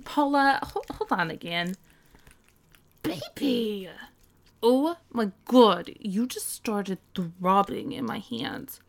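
A woman's voice: mid-range voice, expressive, takes it slowly, creaky. A woman acting out a teasing, bossy young woman in a scripted audio role-play, giggling and scolding in mock disgust.

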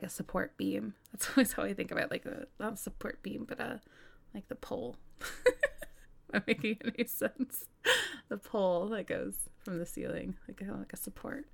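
A woman giving a candid personal monologue, giggly and rambling, often drifting into soft half-whispers. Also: medium pitch, creaky.

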